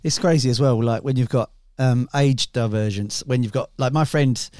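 A man's voice: mid-range voice, moderate pace, a little mellow, no echo. Sex: man. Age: 40s. Style: chatty podcast host, dry sound. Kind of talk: casual podcast chat.

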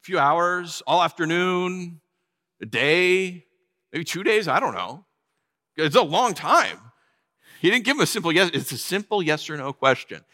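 Animated preacher in an echoing hall. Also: male voice, high-pitched, measured pace. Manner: animated, conversational preaching with acted-out quotes. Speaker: pastor. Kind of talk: sermon.

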